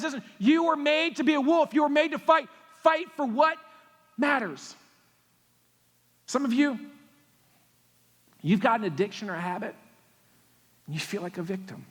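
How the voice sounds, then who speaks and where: Pastor, male, very high pitched, punchy sermon cadence, long church reverb. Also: fairly bright tone. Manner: emphatic, repetitive preaching with quick jokes. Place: church sanctuary.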